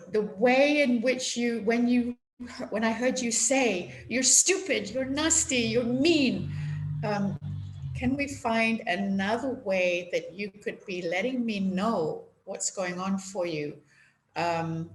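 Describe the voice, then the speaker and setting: Woman, parenting expert, gentle explanatory delivery, echoey room with faint hiss. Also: mid-range voice. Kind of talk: conversational advice on video call.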